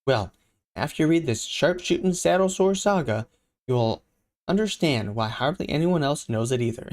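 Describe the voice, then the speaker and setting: A channel host reading a comic book aloud live, switching into character voices with quieter aside comments. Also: medium pitch, animated, moderate pace.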